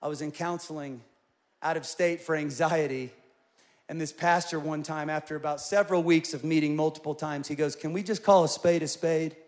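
A man in his forties preaching a sermon, telling personal stories in an animated way and rising to loud, emphatic peaks. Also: fairly high pitch, moderate pace. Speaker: pastor.

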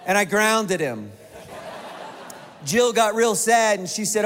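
High-voiced pastor in a reverberant church. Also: male voice, moderate pace, a bit bright. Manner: conversational and joking with the congregation. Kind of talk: sermon. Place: large church auditorium. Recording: reverberant church hall with congregation and music.

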